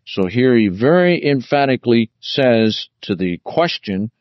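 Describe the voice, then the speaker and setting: Man, Bible teacher, slow and deliberate, dry dull lo-fi recording. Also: mid-range voice, very animated, dry recording. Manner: deliberate, explains and stresses key words.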